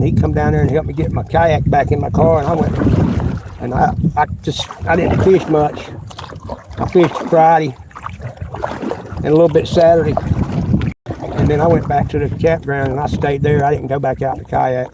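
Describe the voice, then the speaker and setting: Middle-aged man, casual live-stream vlogger, folksy and rambling, loud wind over a phone mic. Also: a little high, level tone, normal speed, long pauses. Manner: rambling, folksy, many restarts. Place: kayak on a windy lake outdoors.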